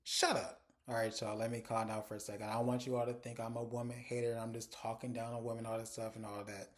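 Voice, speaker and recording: A man recapping a TV episode in casual, frank talk, jumping his pitch up to mimic the female characters. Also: fast. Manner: animated and frank, addresses viewers as y'all. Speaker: TV episode reviewer.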